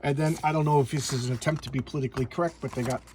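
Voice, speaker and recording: A man casually recapping and reviewing a comic book, rambling and halting with frequent restarts and chuckles. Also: medium pitch, fairly even intonation, very noisy.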